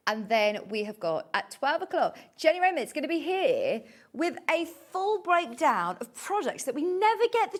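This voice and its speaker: Chatty lady doing live tv shopping, a bit high, gushing about everything. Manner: gushing, chatty, upbeat sales patter. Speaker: shopping channel presenter. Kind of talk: live TV product selling. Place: TV studio.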